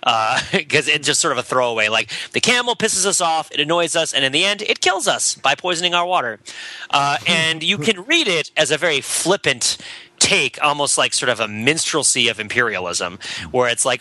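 Man podcast co-host, rambling talker, very bright tone, dry close headset sound. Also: on the high side, very animated, normal speed, no echo, low-quality recording. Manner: rambling, self-interrupting, laughs often. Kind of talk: casual discussion of literature.

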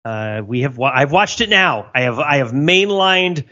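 Lively, wry male podcast host. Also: mid-range voice, moderate pace. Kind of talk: casual podcast chat. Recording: slightly muffled podcast audio.

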